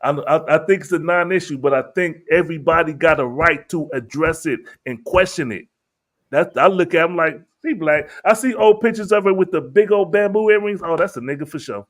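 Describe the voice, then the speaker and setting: A man's voice: fairly high pitch, brisk. A man hosting a heated casual debate, emphatic and storytelling as he asks for the floor.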